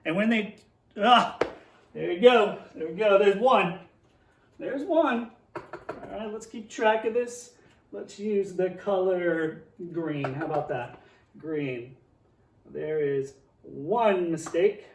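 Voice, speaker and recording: A man's voice: high-pitched, takes it slowly, reverberant, recorded from a distance, a little hiss or hum. A man teaching young children, playfully reading a tongue-twister picture book aloud and then explaining a math lesson at a board.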